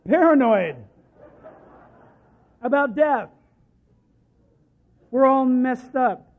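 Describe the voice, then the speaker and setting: Man preaching, high voice, impassioned sermon, tinny phone-like sound. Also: animated, drawn-out words. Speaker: pastor. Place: church service.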